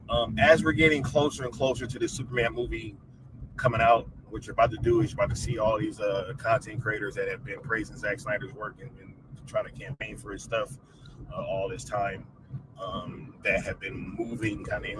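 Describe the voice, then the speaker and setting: A man's voice: on the low side, little pitch movement, moderate pace. A man ranting casually from a moving car, rambling and swearing with lots of fillers. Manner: rambling, profane, filler-heavy. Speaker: content creator. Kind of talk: casual rant while driving. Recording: distant mic with road noise.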